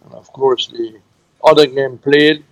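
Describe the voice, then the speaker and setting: A man presenting cricket scores on a radio show, halting, with many fillers, repeating figures slowly. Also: medium pitch, fairly even intonation, no room sound, low-quality recording. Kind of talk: radio sports news segment.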